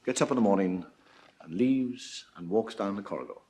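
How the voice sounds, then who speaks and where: A man's voice: fairly low pitch, lively intonation, moderate pace, dark tone. A man doing a wry stand-up monologue, telling jokes with a storytelling, swooping delivery. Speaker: comedian.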